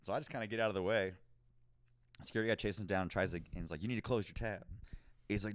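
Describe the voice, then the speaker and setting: A man, a comedian guest, chatting casually and telling a lively story, acting out the people in it. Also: low-pitched, fast, pauses often, dry recording. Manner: lively storyteller, acts out quoted voices. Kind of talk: casual chat.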